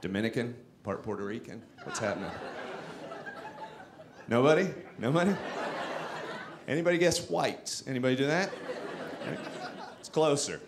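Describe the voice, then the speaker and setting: A man from Texas doing a stand-up comedy set on a club stage into a handheld mic, with self-mocking, animated delivery. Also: medium pitch, normal speed, long pauses, a crowd in the background, background noise.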